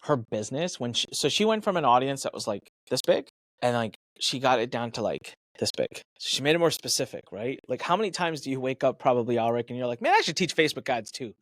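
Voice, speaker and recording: A man talks quickly and emphatically as a podcast guest, acting out his own thoughts in punchy asides. His voice leaps up and down with lively energy. The sound is dry and close, with no room around it. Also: medium pitch, dry recording. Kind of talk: animated advice talk.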